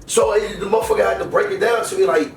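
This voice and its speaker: A man's voice: sits high, fast, vocal fry. Profane older man, echoey distant recording. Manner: profane, animated storytelling with acted-out quotes. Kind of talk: casual chat. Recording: echoey room, distant mic, noisy.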